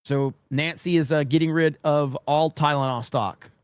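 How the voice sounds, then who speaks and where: A man hosts a casual livestream, reacting with sarcasm and mock disbelief. His voice sits slightly high and sounds dry and close, with no room around it. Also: normal speed, smooth, no room sound. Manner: sarcastic, animated, mock-quoting, chuckling. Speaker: livestream host.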